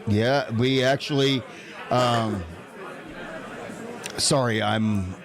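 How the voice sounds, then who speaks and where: A man's voice: mid-range voice, fairly even intonation, very slow, crowd noise. Rambling man radio host. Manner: rambling storyteller, restarts often. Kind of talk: casual radio chat.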